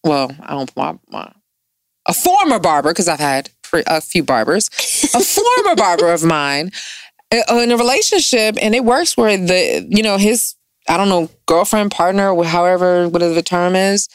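A woman hosting a casual, playful chat, joking and animated as she talks with a friend. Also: on the low side, normal speed, no room sound, clean studio sound. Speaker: podcast host.

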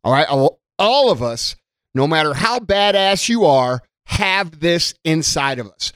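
A man's voice: a little high, lively intonation, measured pace, fairly bright tone, smooth, no echo, clean studio sound. A man giving a blunt, profane, emphatic motivational talk to his followers. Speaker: motivational content creator. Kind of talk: motivational monologue.

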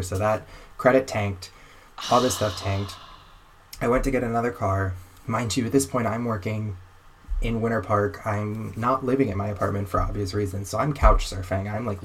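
Lower-voiced young man telling a wry story. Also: slight background noise. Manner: animated, wry storyteller who acts out quoted exchanges. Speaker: guest telling a personal story. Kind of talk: casual conversational storytelling.

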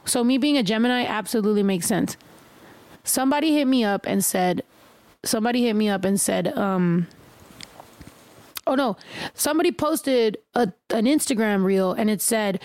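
A woman hosting a casual livestream chat, talking in an animated, joking and heavily profane way. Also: mid-range voice, normal speed, pauses often, dry recording. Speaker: livestream host.

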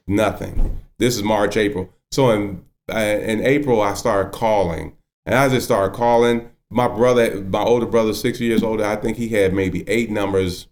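A middle-aged man, a county judge, telling his story in an interview and acting out the dialogue he recalls. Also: fairly low pitch. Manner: animated storyteller, acts out quoted dialogue.

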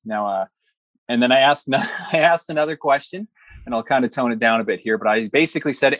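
A man's voice: medium pitch, fairly quick, fairly bright tone, no room sound. A young man as a podcast guest, telling a personal story earnestly, with flashes of light humor. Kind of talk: personal story told in an interview.

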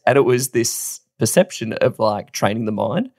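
A man, co-hosting a podcast and telling a story in a casual, animated way, swearing now and then and laughing often. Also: mid-range voice, moderate pace, dry recording, studio quality. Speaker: podcast co-host.

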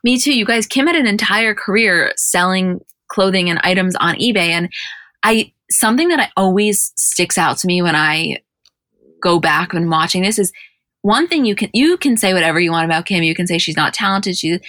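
Bright, dry-voiced giggly woman podcaster. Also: fairly low pitch, moderate pace, dry recording. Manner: giggly, animated retelling with quoted voices. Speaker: podcast co-host. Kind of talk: casual podcast chat recapping episodes.

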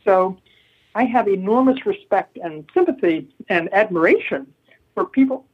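A woman guest speaking thoughtfully in a measured way, often restarting her sentences, heard over a dull lo-fi remote line. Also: mid-range voice, expressive, husky. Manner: thoughtful, measured, repeats starts. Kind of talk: casual interview talk.

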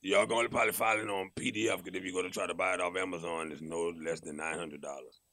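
A man's voice: sits low, steady tone, fast talker, pushed and bright, no echo. A man on a podcast who explains things earnestly in a casual chat.

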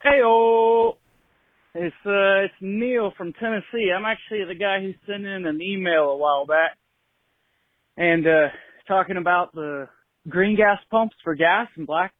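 A man's voice: high voice, a little slow, no echo. Laid-back young man on a tinny phone line. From California. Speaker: caller. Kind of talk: voicemail to a podcast.

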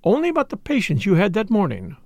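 A brisk, gossipy middle-aged spinster, put on by a man reading aloud, pitched noticeably above his own voice. She sounds complacent and self-important, every remark knowing and sure of itself, with a lively, bouncing delivery and a slight gravel at the edges. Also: no echo, exaggerated voice. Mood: self-satisfied. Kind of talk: audiobook character voice.

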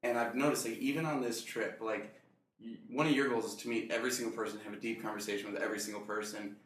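A man with a low, bright and forceful voice muses about himself in a relaxed chat among friends. He laughs easily, and his words ring out in a room with a lot of echo. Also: fast, slight background noise. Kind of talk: casual group conversation. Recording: echoey room.

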